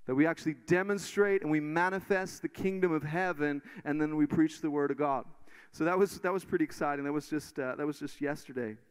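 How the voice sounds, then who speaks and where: A man preaching in church and telling testimonies in an animated way, full of restarts. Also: on the high side, a little fast, hardly any pauses, clean tone. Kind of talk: sermon testimony. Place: church stage.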